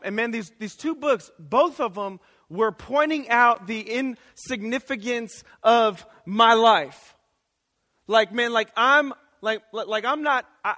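A man preaching a college chapel sermon in a conversational style, swinging between shouted and hushed lines. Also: very high voice. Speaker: chapel speaker. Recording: reverberant chapel.

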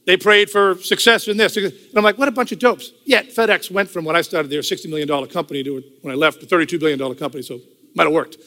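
Older man, church testimony, bright forceful voice, slightly high, repeats lines for emphasis, long hall reverb. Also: fast. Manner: conversational storytelling, repeats phrases for emphasis. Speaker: testimony speaker.

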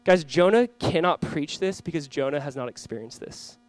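A young man preaching a sermon, animated and storytelling, acting out quoted voices. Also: a little high, moderate pace, dry recording. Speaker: pastor.

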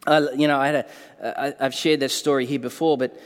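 A pastor delivers a sermon in a large hall, his mid-range voice moving a little fast. He tells stories with animation, acting out the quotes.

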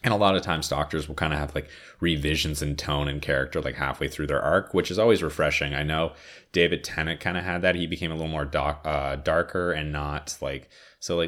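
A man with an extremely deep, low voice rambles casually about his favorite TV shows. He sounds tired and a little sniffly, piling on filler words and swearing freely as he goes off on tangents. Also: fairly even intonation, fast, a bit bright. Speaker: podcaster reviewing TV shows.

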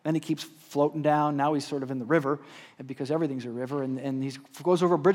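Male pastor, husky tone, expressive preaching with dramatic volume swings. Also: on the high side, fast talker. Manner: animated storyteller, shouting the story's lines, dropping to a hush. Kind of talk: sermon with storytelling and prayer. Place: church hall.

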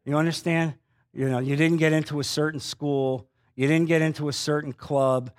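A man preaching a sermon in a confessional storytelling manner, swinging between loud emphasis and hushed asides. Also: on the high side, steady tone, normal speed.

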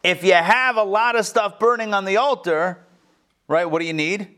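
A man's voice: high voice, normal speed, bright, forceful tone. A man casually teaching a study class, asking the group questions and making joking asides.

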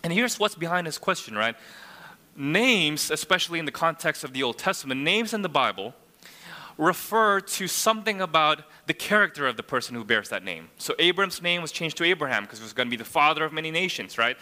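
Bright-voiced preacher in a reverberant hall. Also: male voice, fairly high pitch, very animated, brisk. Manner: expository, asks the room rhetorical questions. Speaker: pastor. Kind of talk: sermon.

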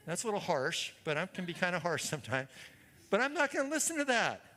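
High, bright-voiced preacher in a reverberant church. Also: male voice, quick pace, slight background noise. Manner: energetic, calls to the congregation. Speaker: guest preacher. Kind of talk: sermon. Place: church hall.

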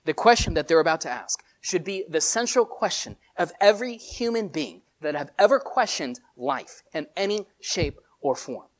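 Preacher, sermon, casual storytelling, animated, many fillers. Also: medium pitch, moderate pace, hardly any pauses.

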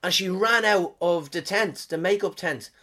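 A man's voice: high-pitched, normal speed, sharp tone. A man in his thirties, a comedian with a head cold, telling a rambling comic monologue with lots of swearing and lost threads.

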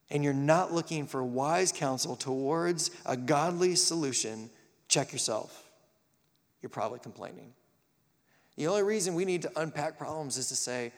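A man preaching a live sermon, animated and acting out the quotes and stories he tells. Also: on the high side, normal speed, long reverb tail.

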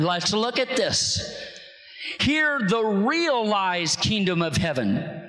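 A man preaching a sermon as pastor, moving from slow, low musing to shouted exclamations. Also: sing-song, reverberant, long reverb tail, poor audio.

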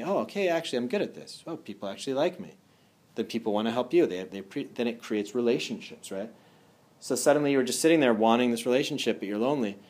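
Brief: male energy healer, mid-pitched, earnest casual talk, leans on rhetorical questions and "you know". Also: darkish tone. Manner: earnest, asks rhetorical questions, many fillers.

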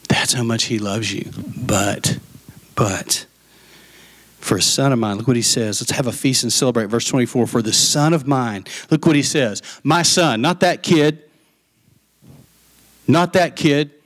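Man, pastor, sermon, animated storyteller, plays out the voices. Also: mid-range voice.

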